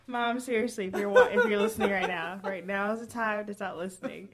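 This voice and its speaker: A woman's voice: medium pitch, expressive, a little fast, over a noisy crowd. A woman in casual chat, cutting in with wry, joking reactions.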